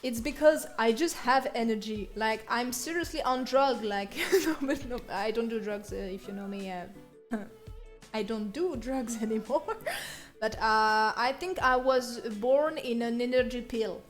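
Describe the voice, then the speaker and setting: A young French woman with a French accent, chatting casually on her art live stream, bubbly and quick to laugh. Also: soft background music. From France. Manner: bubbly, laughs often, slips into squeaky bursts.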